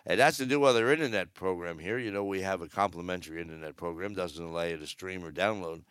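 A man's voice: low-pitched, quick pace, fairly bright tone, clear, resonant tone, no echo, studio quality. A man in his seventies hosting a podcast, giving blunt, rambling, sarcastic news commentary. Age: 70s. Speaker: podcast host. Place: aboard a cruise ship.

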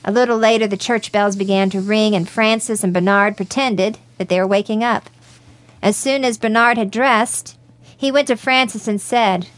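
Woman reading a story gently. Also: mid-range voice, fairly even intonation, normal speed, no room sound. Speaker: narrator.

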